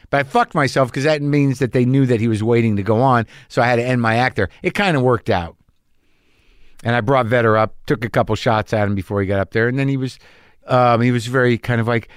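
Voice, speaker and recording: A man's voice: medium pitch, quick pace, clear, resonant tone, dry recording, clean studio sound. Sardonic rambling male podcast host. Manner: rambling, sardonic, self-deprecating storytelling. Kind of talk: comic monologue then casual interview.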